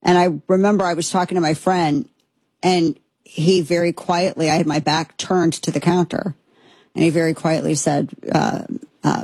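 A woman's voice: deep voice, steady tone, normal speed, darkish tone, husky, dry recording. A woman hosting a political commentary show, speaking in an emphatic, impassioned way that rambles with restarts. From United States.

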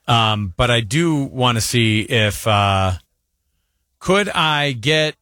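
In a dry, studio-quality recording, a radio co-host in his forties speaks slowly in a mid-range voice. He's a rambling, animated storyteller who chats casually and imitates the voices of the people in his tales.

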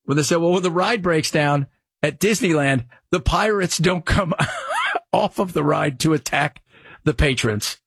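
A man's voice: fairly high pitch, expressive, a little slow, gravelly, a bit bright, breathy edge, no echo. A man hosting a talk radio show, rambling conversationally between topics and reading sponsor spots himself. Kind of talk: casual radio talk and live reads.

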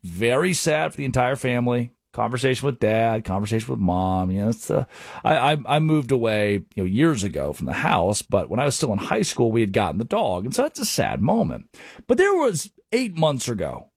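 A young adult man hosting a sports radio show, telling rambling stories in an animated monologue. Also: medium pitch, a little fast, gravelly, slightly rough, dry recording, studio quality.

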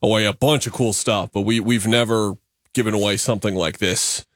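A man's voice: on the low side, steady tone, brisk, no room sound, studio quality. Casual enthusiastic male radio co-host. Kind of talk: sports radio banter.

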